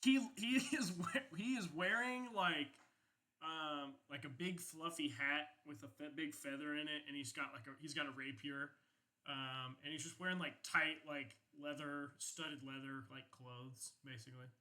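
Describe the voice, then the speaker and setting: Ein junger Mann, der als Spielleiter locker und ausschweifend eine Tischrollenspiel-Szene erzählt, mit vielen Füllwörtern und Flüchen. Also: male voice, fairly high pitch, fairly even intonation, normal speed, sharp tone, rough recording. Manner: casual, rambling with many fillers and profanity. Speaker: game master. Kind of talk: narrating a tabletop game.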